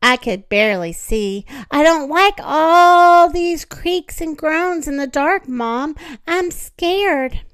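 A woman voicing a frightened little boy who plays a brave knight, crying out in high excited shouts. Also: slow, few pauses, dry recording, heavily acted. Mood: scared. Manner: high excited cries and sneezes.

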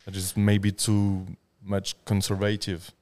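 A man from France with a French accent, a guest on a casual podcast chat, pausing to search for English words. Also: lowish voice, monotone, darkish tone. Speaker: guest tattoo artist.

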